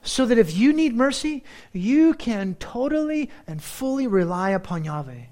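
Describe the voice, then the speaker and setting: A middle-aged man with a very high-pitched voice preaches a sermon as a pastor, alternating slow, weighty phrases with quick, animated asides.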